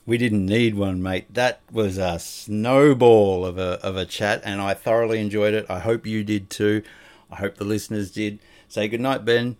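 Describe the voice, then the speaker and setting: Low-voiced guy hosting a chill podcast, gentle and reassuring. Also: steady tone, normal speed, clear, resonant tone. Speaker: podcast host. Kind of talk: casual chat.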